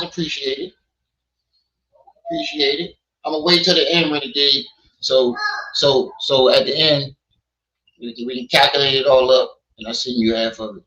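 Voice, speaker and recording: Male livestream host, blunt scolding commentary, bright forceful voice, echoey lo-fi room. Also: mid-range voice. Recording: echoey, dull lo-fi sound.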